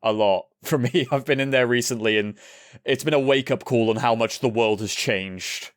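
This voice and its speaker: Rambling podcast co-host. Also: male voice, mid-range voice, moderate pace, no echo, studio quality. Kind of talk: casual chat.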